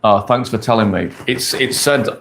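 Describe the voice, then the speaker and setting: A man's voice: lowish voice, normal speed, fairly bright tone, slight background noise. Blunt, crude man in his forties. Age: 40s. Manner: blunt, crude, confident, repeats points. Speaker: dating coach streamer. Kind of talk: casual live-stream Q&A. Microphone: phone or camera on a stand.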